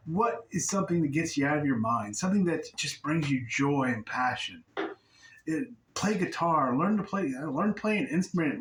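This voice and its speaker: Laughing often and cursing without restraint, a man gives a casual spiritual talk as a teacher, keeping things conversational. His voice is fairly high and fairly bright, captured from a distance in a roomy space with slight background noise.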